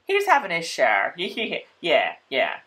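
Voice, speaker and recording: A woman's voice: lowish voice, wildly swooping pitch, takes it slowly, fairly bright tone. A woman co-hosting a casual show recap, chatty and full of "like" and laughter. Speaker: podcast co-host.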